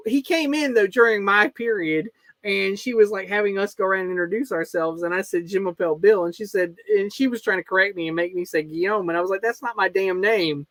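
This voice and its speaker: A man's voice: sits high, fast talker, fairly bright tone, dry recording. A man hosting a podcast in casual chat, blunt and swearing freely. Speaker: podcast host.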